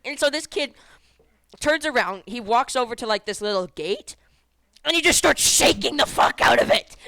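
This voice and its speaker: A woman's voice: a little high, lively intonation, moderate pace, bright, forceful tone, no echo. Swearing, rambling young woman telling stories. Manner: rambling, swears often, laughs mid-story. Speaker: podcast co-host. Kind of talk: casual storytelling chat.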